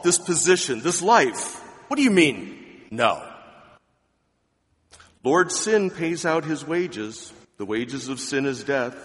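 A man preaching a sermon, emphatic, swinging between loud declarations and quiet asides. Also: mid-range voice, long reverb tail. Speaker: pastor.

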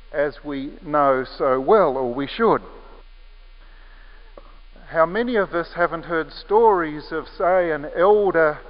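A man preaching a sermon with measured, emphatic phrasing, leaning on repeated key words. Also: a little high. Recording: echoey hall, muffled lo-fi sound.

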